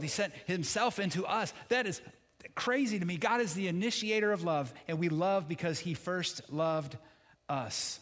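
A man's voice: high-pitched, fairly bright tone. A man preaching a sermon as pastor, building to emphatic peaks and drawing the congregation into call-and-response. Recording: long hall reverb.

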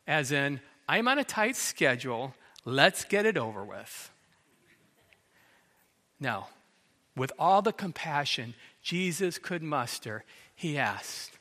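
Middle-aged man, pastor; sermon, dramatic storyteller who acts out quotes; slightly higher voice; reverberant church hall. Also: sing-song, slow pace, pushed and bright.

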